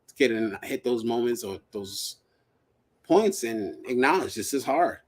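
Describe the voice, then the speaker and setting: A man's voice: medium pitch, animated, a little slow. A man hosting a live stream, chatting casually, laughing often and talking in a reassuring way.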